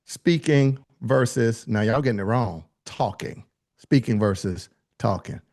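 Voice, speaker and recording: A man teaching a live online speaking workshop, with lively, colloquial, high-energy delivery, calling on attendees by name. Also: moderate pace. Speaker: speaking coach.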